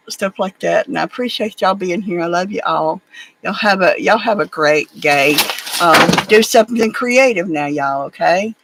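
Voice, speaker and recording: A woman's voice: lowish voice, rough recording. A woman, casually telling a family story to her viewers, rambling with many fillers and restarts. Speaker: vlogger.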